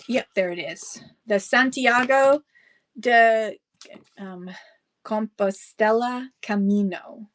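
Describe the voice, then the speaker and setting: A woman's voice: medium pitch, a bit bright. A woman running a live-stream book sale, chatting casually with rambling asides and thanking buyers by name. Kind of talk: casual live-auction selling chat.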